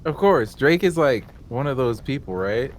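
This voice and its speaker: A man's voice: mid-range voice, expressive, moderate pace, slight background noise. A young man in casual chat while gaming, rambling, joking and swearing freely. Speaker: streamer co-host.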